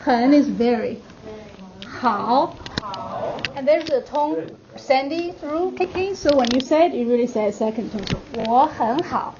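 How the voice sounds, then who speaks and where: A woman's voice: sits high, expressive, unhurried. A woman teaching a beginner language class, patiently modeling words for her students to repeat. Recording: dull audio, noisy classroom.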